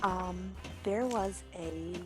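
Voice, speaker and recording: A woman's voice: on the low side, extremely slow. Easygoing woman chatting on a stream. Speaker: guest. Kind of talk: casual chat. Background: game music.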